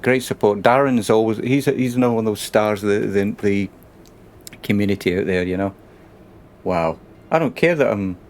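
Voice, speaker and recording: A man streaming a bus-driving game, chatting and thanking viewers in an emotional, rambling way. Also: lowish voice.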